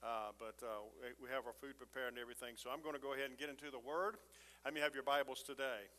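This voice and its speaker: A man's voice: medium pitch, steady tone, quick pace, bright, forceful tone, slight background noise. A middle-aged male pastor preaching a sermon, with joking asides and call-and-response rhymes that build in intensity. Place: church sanctuary. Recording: long church reverb.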